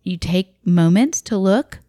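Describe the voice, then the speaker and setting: A woman telling a personal story in a reflective, vivid way, sometimes dropping to a hush. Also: mid-range voice, lively intonation, a little slow, no room sound, studio quality.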